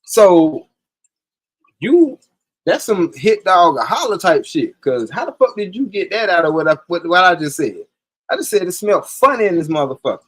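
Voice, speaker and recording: A man's voice: sits high, moderate pace. A man telling a personal story in casual, profane talk on a live stream, acting out the lines of the people in it. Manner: profane, animated, acts out quoted dialogue.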